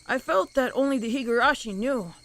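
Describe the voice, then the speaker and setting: A woman's voice: high voice, fairly quick, a bit bright, pitched below the performer's own voice. A woman reading a horror game's text aloud as a frightened, paranoid young narrator, in a haunted, repetitive way. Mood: dread-filled. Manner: haunted, repetitive, mounting dread.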